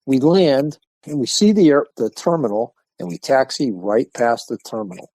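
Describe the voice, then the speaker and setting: An older man spinning a story as a podcast guest, with a very lively rise and fall in his voice. His tone is mellow and warm, and the sound is dry and close. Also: mid-range voice, normal speed, creaky, dry recording, poor audio. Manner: animated anecdote-telling, acts out dialogue. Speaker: podcast guest, martial arts instructor. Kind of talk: casual storytelling.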